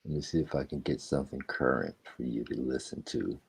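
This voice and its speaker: An older man from the United States, a guest musician chatting casually, relaxed and quick to laugh. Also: very deep voice, vocal fry, husky. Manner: relaxed, laughs easily, calls people "man". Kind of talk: casual conversation.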